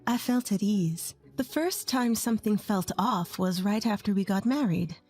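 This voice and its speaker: A woman's voice: medium pitch, normal speed, darkish tone. A woman in her twenties from rural Texas, narrating her own story in an earnest, confiding way. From rural Texas, USA. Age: 20s. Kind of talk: first-person story narration.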